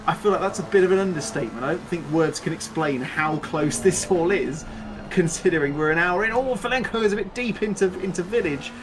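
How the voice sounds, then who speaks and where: A man doing live play-by-play commentary on a sim race, excitable and chatty, laughing often. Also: high-pitched, a little fast.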